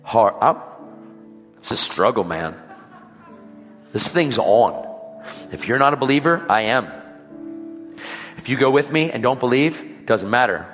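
A man preaching, telling a healing testimony as a lively story, acting out the people in it and repeating his praise with emphasis. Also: medium pitch, unhurried, pauses often, in a large hall, soft background music. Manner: dramatic retelling that acts out the quoted voices.

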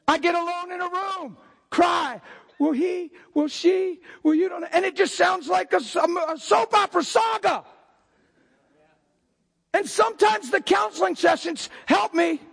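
High gravelly older preacher man. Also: a little slow, long pauses. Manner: preaching with sudden shouted outbursts. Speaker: pastor. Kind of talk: sermon.

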